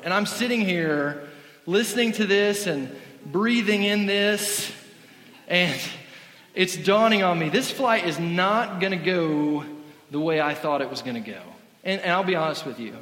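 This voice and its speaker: A male pastor delivering a sermon as animated, self-deprecating stories, with a slightly high voice. The sound echoes through a large church hall with a long reverb tail. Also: moderate pace. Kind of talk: sermon with comic storytelling.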